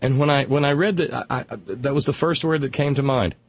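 A man's voice: mid-range voice, steady tone, fairly quick, slightly rough, dry recording, lo-fi sound. A man hosting a radio talk show, delivering sardonic, rambling political commentary and stumbling over repeated words as he gets worked up.

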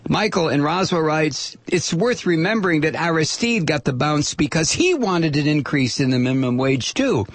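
A man hosting a political talk radio show, delivering a sarcastic, animated monologue and reading listener messages. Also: fairly high pitch, normal speed, hardly any pauses, no echo. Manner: sarcastic, animated, mock voices for quoted people.

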